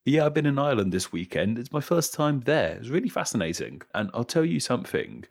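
A man with an English accent, co-hosting a history podcast in a chatty, animated way, laughing often. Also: medium pitch, fast, creaky. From England. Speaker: podcast co-host. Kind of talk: casual podcast chat. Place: London.

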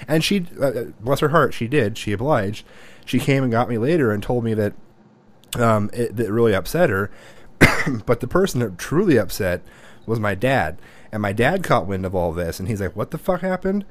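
A young man tells a family story in casual conversation. He swears freely and throws himself into loud impressions of the people he quotes. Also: fairly low pitch, normal speed. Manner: animated, swears freely, acts out quotes loudly.

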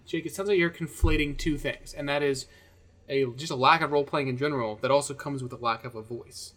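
A man co-hosting a casual podcast chat, with a middle-pitched voice. He builds his arguments in a measured, reasoned way, with a dry edge to how he pushes back. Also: steady tone, fairly bright tone. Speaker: podcast co-host, game master.

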